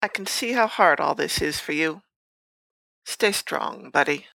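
A skeptical, teasing buddy speaks in a low, gravelly voice with a bright, sharp edge, as a woman puts him on for an audiobook. The sound is dry and close. He sounds dubious and amused. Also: expressive, a little slow, no echo, exaggerated voice, poor audio. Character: dubious, teasing young man, a friend. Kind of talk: audiobook character voice.

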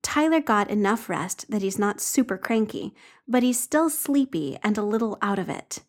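A woman's voice: medium pitch, lively intonation, normal speed. A woman reading a story aloud with wry, conversational narration. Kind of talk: expressive audiobook narration.

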